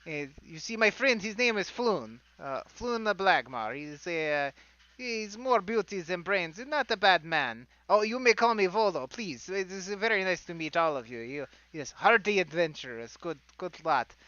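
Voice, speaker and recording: A pompous wizard author trips over his own flowery sentences, stammering as he boasts, played by a man. The voice sits high and bright. It comes through a dull, lo-fi call line. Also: expressive, normal speed, no echo. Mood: fussy. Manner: stammering, flowery and self-important. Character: flustered pompous male celebrity wizard author.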